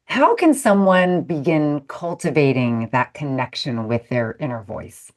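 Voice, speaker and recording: Low-voiced woman host, lively pitch. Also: unhurried. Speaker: podcast host. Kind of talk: scripted host reads and interview questions.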